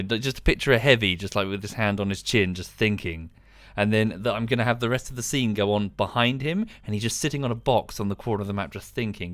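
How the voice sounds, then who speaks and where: A man's voice: on the low side, a bit bright, no echo. A man, chatting casually on a live game stream, tired and dry, rambling with frequent ums.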